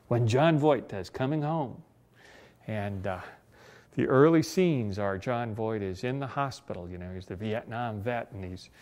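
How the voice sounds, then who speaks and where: A man in his sixties, a disability rights advocate, telling personal anecdotes in an oral history interview with a wry, reflective humor. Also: mid-range voice.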